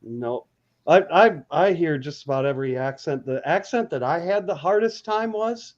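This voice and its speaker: A man's voice: a little high, animated, moderate pace. Rambling man on a dull, lo-fi recording. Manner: rambling, with many ums and restarts. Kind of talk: casual chat. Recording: dull lo-fi audio.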